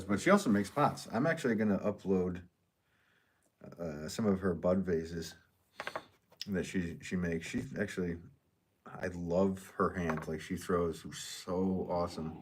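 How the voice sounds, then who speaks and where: A man's voice: low voice, a little slow, slight background noise. A man hosting a live pottery stream from his studio, rambling and joking as he reads out viewer comments while he works. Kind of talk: casual live-stream chat.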